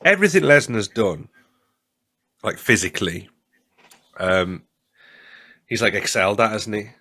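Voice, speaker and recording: A man co-hosting a podcast, chatting casually and excitably, swearing and laughing often. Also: lowish voice, unhurried. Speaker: podcast co-host. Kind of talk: casual chat.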